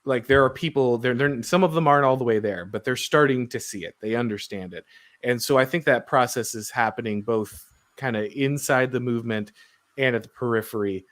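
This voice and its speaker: An American man hosts a podcast of casual political discussion, rambling through his views, often restarting, and ending points with "right?". His voice is medium-pitched, brisk, and slightly bright.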